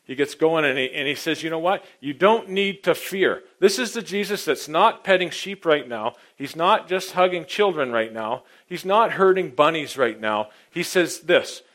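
A middle-aged man preaching a sermon, telling his own story and swinging from hushed asides to loud, emphatic points. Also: a little high, lively intonation, normal speed, few pauses. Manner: personal testimony, dynamic, swings from hushed to loud. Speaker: pastor.

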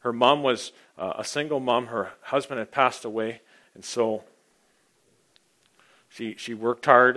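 With frequent throat-clearing, a man preaches a casual, digressive sermon that shifts between loud emphasis and barely audible asides. His pitch is medium.

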